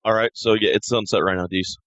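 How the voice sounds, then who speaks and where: A man runs a tabletop game with a low voice, taking his time over each description and stopping now and then to correct himself. The recording is dry and dull, with muffled highs. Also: steady tone, fairly bright tone, no room sound. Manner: slow descriptive narration with self-corrections. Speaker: game master.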